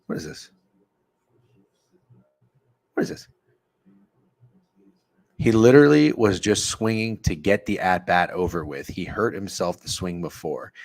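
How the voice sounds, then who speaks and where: Young male stream host, deep voice, rambling and profane, casual betting chat. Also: a little mellow.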